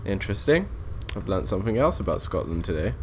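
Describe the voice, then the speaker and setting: A man's voice: deep voice, big pitch swings, fast, slight background noise. A young man giving casual, rambling commentary while playing a train simulator, thinking aloud and often restarting his sentences. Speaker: let's play gamer.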